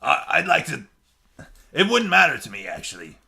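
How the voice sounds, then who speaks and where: Man playing a pirate captain, gravelly bright voice, lively pitch, keeps saying aye. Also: normal speed, heavily acted. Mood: chatty. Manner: peppers talk with pirate "aye" and "yar". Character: male pirate captain, jovial and bloodthirsty. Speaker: podcast co-host. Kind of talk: costumed casual chat.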